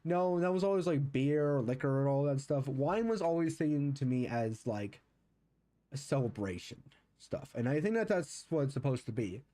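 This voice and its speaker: Male streamer, casual gaming chat, mellow and rambling. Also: medium pitch, expressive, normal speed. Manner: rambling, thinking aloud.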